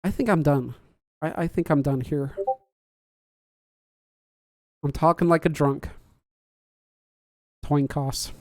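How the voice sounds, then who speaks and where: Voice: mid-range voice, a little slow, pauses often, a little mellow, dry recording, studio quality. Chatty livestream host. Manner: chatty, laughs often, jokes at own slips. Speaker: podcast host reading live chat. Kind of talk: casual livestream chat.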